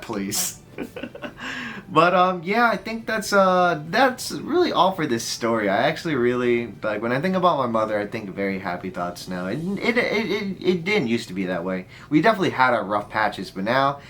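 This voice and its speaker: A man's voice: medium pitch, a bit bright, a little hiss or hum. A man in his early twenties telling a heartfelt story in a rambling way, full of fillers. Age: 20s. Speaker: storyteller vlogger. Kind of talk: casual story time.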